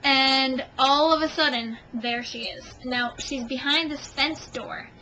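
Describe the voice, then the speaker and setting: A young woman vlogging at home, telling a long story to the camera in an animated, self-mocking way. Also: high-pitched, measured pace, a little hiss or hum, low-quality recording.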